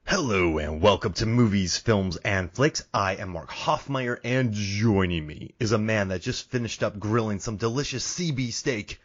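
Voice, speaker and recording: A man hosting a comedy film podcast, retelling scenes in an animated, laughing way. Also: on the low side, moderate pace, hardly any pauses, soft background music. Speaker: podcast host. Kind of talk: casual comedic chat. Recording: dull lo-fi audio.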